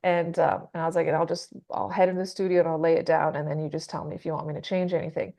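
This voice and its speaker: A woman singer in a casual interview, talking fast and loose, laughing often and acting out what other people said. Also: sits low, flat delivery, gravelly, mellow. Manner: chatty, laughs often, acts out quoted people. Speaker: metal singer being interviewed.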